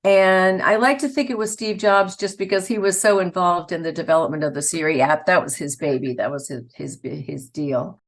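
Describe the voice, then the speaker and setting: A woman's voice: lowish voice, normal speed, hardly any pauses. A woman, a voice actor telling stories in a casual interview and laughing often. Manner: chatty, laughs often, storytelling. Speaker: voice actor guest.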